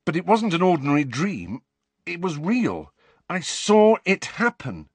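A man's voice: fairly high pitch, big pitch swings, measured pace, husky, no echo, pitched above the performer's own voice, heavily acted. A man reading aloud and voicing an anxious, defiant teenage boy wizard who speaks urgently and emphatically.

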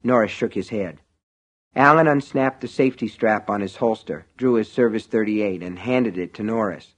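A man reading an audiobook in measured, vivid narration. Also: on the low side, animated. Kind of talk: scripted narration.

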